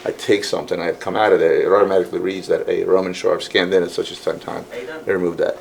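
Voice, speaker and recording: A middle-aged man from Ukraine, a watch dealer, telling stories in casual chat, animated and swearing freely. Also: deep voice, quick pace, gravelly. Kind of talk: casual storytelling.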